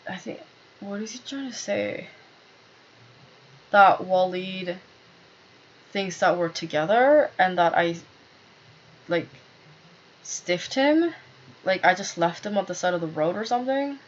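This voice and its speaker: A woman's voice: medium pitch, lively intonation, takes it slowly, long pauses. A woman telling a rambling, agitated personal story to camera, full of fillers and swearing. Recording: dull lo-fi recording.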